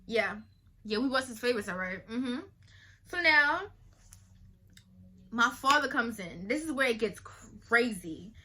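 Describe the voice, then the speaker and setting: Bright-voiced young woman telling a story. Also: on the high side, a little slow, long pauses. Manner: animated, slangy, acts out quotes. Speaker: vlogger. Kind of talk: casual storytime.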